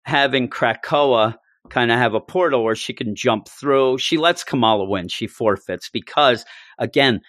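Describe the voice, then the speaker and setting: A man chatting casually about comics as a co-host, animated and quick to act out characters' lines. His voice sits at a middle pitch. The sound is dry and close. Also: dry recording. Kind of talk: casual chat.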